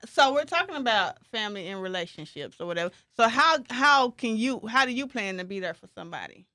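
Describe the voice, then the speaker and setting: A woman hosting a casual family podcast chat, telling animated stories and laughing often. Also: a little high, a little fast. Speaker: podcast host.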